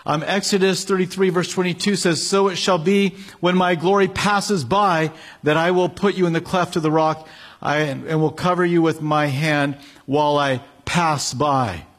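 A man's voice: a little high, steady tone, moderate pace. A male pastor preaching a sermon, reading scripture with building emphasis and then explaining it casually.

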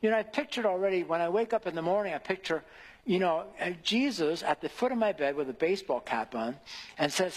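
Earnest husky preacher in a reverberant hall. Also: male voice, high-pitched, lively intonation, fairly quick. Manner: earnest, rising to emphatic questions. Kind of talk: devotional sermon.

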